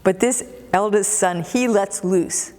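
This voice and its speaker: A woman pastor delivers a sermon with expressive, storytelling emphasis, often doubling words as she builds a point. Her voice sits at an ordinary middle pitch for a woman. It carries a long reverb from a church sanctuary. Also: slow pace.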